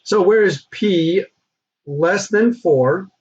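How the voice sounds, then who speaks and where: A man teaching a recorded math lesson, talking through the steps in a relaxed, conversational way with frequent fillers. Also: sits high, takes it slowly, breathy edge. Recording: dull lo-fi recording.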